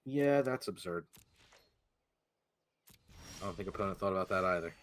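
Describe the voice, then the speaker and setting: Deep-voiced laid-back man. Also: lively intonation, crowd noise. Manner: laid-back, offers measured strategy advice. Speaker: co-player giving advice on a stream. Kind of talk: casual chat over voice call.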